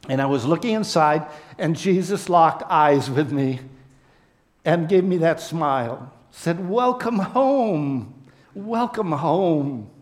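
A man preaching a sermon to his congregation as a pastor, speaking earnestly and with deep emotion, and closing with a prayer. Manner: earnest, emotional, slow and heartfelt, addressing the congregation.

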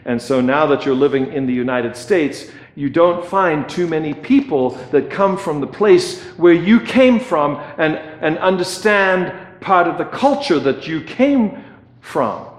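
A man's voice: on the high side, echoey room. A man preaching a sermon as pastor, conversational, often checking in with "okay" and repeating words as he goes.

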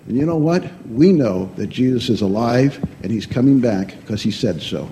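A man telling a lively story to children as a children's sermon, asking them questions along the way. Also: fairly high pitch, moderate pace, slight background noise.

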